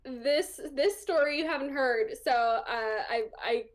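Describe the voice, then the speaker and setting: A young woman guesting on an interview show tells a personal story in a high, unhurried voice. She's chatty and casual, laughing often and filling her speech with lots of ums and likes.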